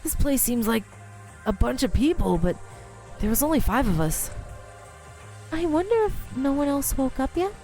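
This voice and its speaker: A woman's voice: sits high, very animated, normal speed, long pauses, mellow, soft background music, low-quality recording. A woman hosting a let's play, reading a visual novel aloud with chatty, self-amused asides. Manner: chatty, laughs at herself, trails off mid-thought.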